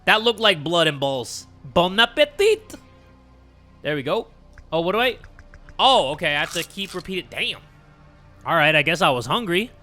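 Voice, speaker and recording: A young man giving joking, animated commentary on a horror game. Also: fairly high pitch, moderate pace, faint music behind. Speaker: gaming creator. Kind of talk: gameplay commentary.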